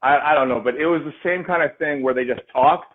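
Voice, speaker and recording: A man co-hosting a casual chat, excitable and slangy, swearing often. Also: fairly high pitch, quick pace. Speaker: podcast co-host. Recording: tinny phone-like sound.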